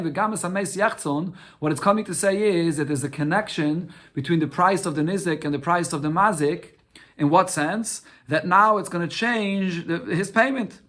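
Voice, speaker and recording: A man with a fairly high voice teaching a daily Talmud class. He reads short Aramaic phrases and unpacks each one step by step. He often repeats words, then poses questions and answers them himself. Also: pushed and bright. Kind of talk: Talmud lesson with Aramaic reading.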